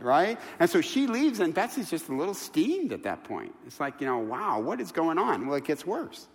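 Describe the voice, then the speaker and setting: Male pastor, sermon, lively swinging pitch, fairly high voice, long echo of a big hall. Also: moderate pace. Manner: animated storytelling, quoting people in voices.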